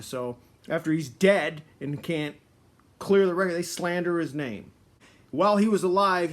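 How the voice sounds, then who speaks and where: A man from Michigan giving a profane, sarcastic rant while commenting on his gameplay. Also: a little high. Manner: swearing, ranting, sarcastic. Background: game music.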